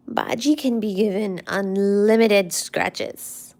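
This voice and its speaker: A woman hosting a casual live stream, chatting affectionately about her cats in a soft, rambling way that often drops to a near-whisper. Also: mid-range voice, lively intonation, slow pace, vocal fry. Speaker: livestream host.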